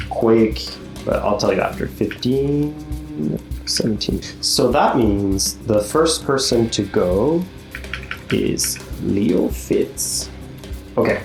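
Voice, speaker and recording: A man narrating as game master of a tabletop game, easygoing, laughing often and explaining the rules patiently. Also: lowish voice. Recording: echoey room with faint music.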